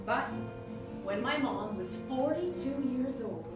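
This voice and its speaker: A middle-aged woman doing a solo stand-up show, animated, breaking into song and mock voices. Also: sits high, slow pace. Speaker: stand-up comedian. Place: theater stage. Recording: distant, echoey stage recording with music.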